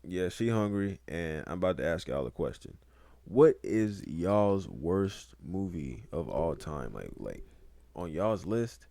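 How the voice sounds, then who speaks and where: A man's voice: sits low, sing-song, slow pace, gravelly, no room sound. A young man co-hosting a podcast, chatting casually, rambling and joking. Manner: rambling, joking, breaks into loud laughs. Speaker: podcast co-host.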